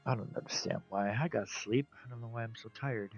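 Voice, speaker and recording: A man casually narrating his gameplay in a relaxed, rambling way, tired and with a stuffy nose. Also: medium pitch, a little fast, creaky. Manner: relaxed, rambling, talks to himself. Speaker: game streamer. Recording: dull lo-fi audio, faint game music.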